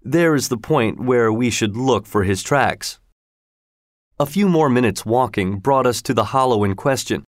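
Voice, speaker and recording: A man narrating a story as a plain, even audiobook reading. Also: medium pitch, no room sound, studio quality.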